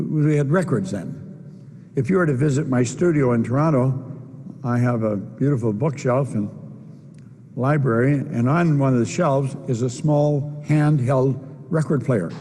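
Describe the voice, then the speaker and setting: A man's voice: a little high, dark tone, slightly rough. An older man giving a motivational keynote at a convention, speaking emphatically and repeating his key phrases. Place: convention hall stage. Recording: long reverb of a large hall.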